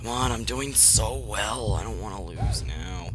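A young man commentating his own gameplay, muttering to himself and then breaking into excited yelps. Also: on the low side, a little slow, over loud music. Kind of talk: let's play commentary.

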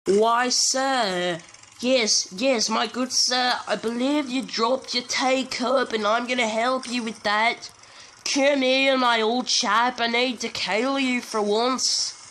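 A young man voicing a pompous, tea-loving gentleman in mock-formal, playful speech. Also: very high voice, fairly even intonation, slow pace, slight background noise, full character voice. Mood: mock-posh.

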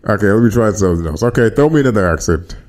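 A man's voice: lowish voice, very fast. A man hosting a podcast livestream, chatting casually with his viewers in slang. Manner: animated, slangy, talks to chat. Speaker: podcast host.

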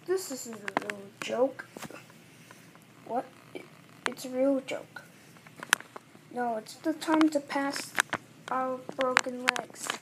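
A woman playing around in a silly homemade skit, goofy and giggly, in a loud noisy homemade recording. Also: high-pitched, slow pace, pauses often.

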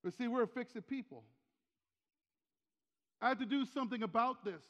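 Older male pastor, high voice, church reverb. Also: moderate pace, a bit bright, muffled recording. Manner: conversational, rhetorical questions, repeats key phrases. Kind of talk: sermon. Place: church sanctuary.

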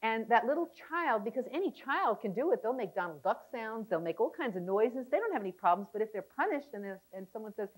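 Bright-voiced female seminar instructor, lively and laughing, coaxing her class to share. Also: on the high side, fairly quick, few pauses, low-quality recording. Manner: animated, laughing, coaxing the audience. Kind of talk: seminar talk to a live class. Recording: 1990s VHS seminar tape.

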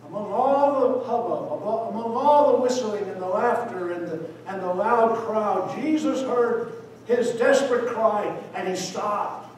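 A man, a missionary preacher, giving an impassioned sermon that swings between loud appeals and hushed words. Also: high-pitched, measured pace, slight background noise. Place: church sanctuary. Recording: echoey hall, voice from far off.

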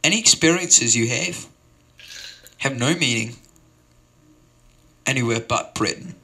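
The speaker is a man whose medium-pitched voice is bright, forceful and slightly rough, with vocal fry, lively intonation and a measured pace. He tells a rambling, ridiculous open-mic story in a mock-earnest tone, hopping from tangent to tangent in improvised comic fashion. His sign-off stumbles along, thick with fillers.

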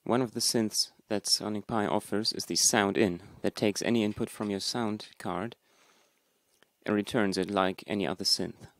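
A man hosting a software tutorial, explaining calmly and plainly, recorded on a close desk mic. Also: on the low side, normal speed, no echo. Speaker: tutorial host.

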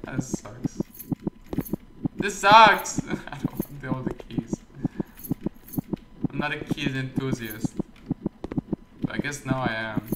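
A man's voice: mid-range voice, steady tone, slow pace, long pauses, heavy background noise. Sarcastic man gaming in an echoey room. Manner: sarcastic, swearing, joking to himself. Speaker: gamer. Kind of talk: let's play commentary.

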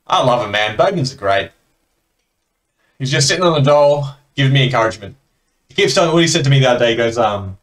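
A man's voice: mid-range voice, animated, brisk, long pauses, a bit bright. An Australian man chatting casually and laughing between remarks as he comments on a card game he is playing.

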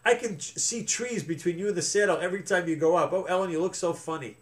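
A man's voice: high-pitched, fast talker, close to an everyday voice. A man voicing a bold young girl rider who is bossy and teasing.

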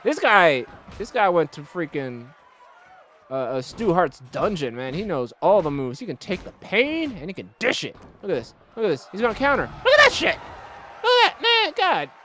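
A male gamer talks over his play, breaking into shouts and curses. His voice sits high and bright, leaping up and down in pitch. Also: normal speed, a little hiss or hum. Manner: excitable, shouting, swearing. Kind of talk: let's-play commentary.

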